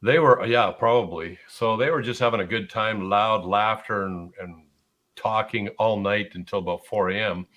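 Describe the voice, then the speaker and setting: A man's voice: fairly low pitch, normal speed, a bit bright, highs cut off. A man in casual conversation who laughs easily while telling an anecdote.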